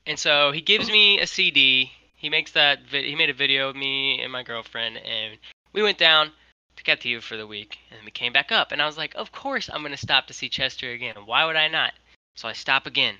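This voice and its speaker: A young man tells a long story over a video call, animated and full of casual fillers. His voice is very bright and sharp, and it sounds close and dry. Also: medium pitch, brisk, clean tone, no echo, rough recording. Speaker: guest, merch maker.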